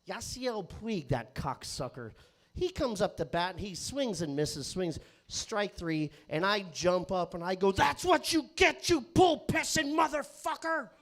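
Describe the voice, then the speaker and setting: A male comedian with a high, wildly swinging voice doing a stand-up set. He rambles, swears, and sometimes bursts into shouting on a handheld mic in a comedy club. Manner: crude, rambling, self-interrupting.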